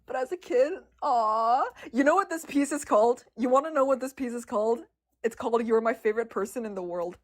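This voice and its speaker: A young woman artist chatting casually on a livestream about her drawings, excitable and giggly, laughing often. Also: fairly high pitch, brisk.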